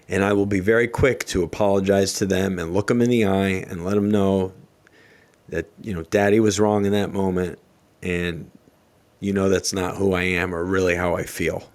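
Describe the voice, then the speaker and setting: Earnest, emotional podcast host man. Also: on the low side. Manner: earnest, emotional, reads quotes slowly. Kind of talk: solo motivational podcast talk.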